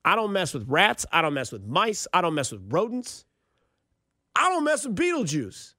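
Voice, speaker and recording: A man's voice: high-pitched, moderate pace, no echo, studio quality. A man, hosting a late-night radio show and telling jokey stories with lots of energy. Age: 30s. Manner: animated storyteller, jokey, puts on voices. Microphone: studio microphone.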